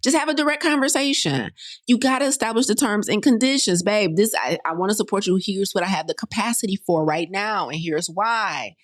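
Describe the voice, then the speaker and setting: A woman hosting a motivational talk, direct and animated, speaking casually in to her listeners. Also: medium pitch, fairly quick. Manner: direct, animated, colloquial, addresses listeners as y'all and you guys. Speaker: host. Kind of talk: motivational talk to an online audience.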